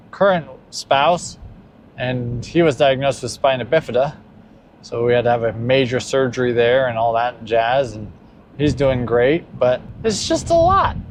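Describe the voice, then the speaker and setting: A man in his thirties talking candidly and rambling in a casual vlog, recorded while driving. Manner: candid and rambling, breaking into high exaggerated quotes. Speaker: vlogger. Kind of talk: casual spoken monologue. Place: inside a car while driving. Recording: car recording with faint road noise. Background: faint vehicle noise.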